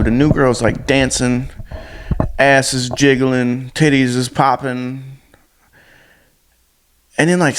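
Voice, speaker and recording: A man retelling a movie in a casual, unpolished ramble. He is blunt and crude, and he stops often for fillers and restarts. His voice sits at an ordinary middle pitch.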